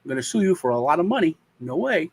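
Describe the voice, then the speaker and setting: A man from the United States, co-hosting a casual talk show, telling a childhood story in a halting, rambling way with many restarts. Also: on the high side, big pitch swings, slight background noise, low-quality recording. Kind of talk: casual chat.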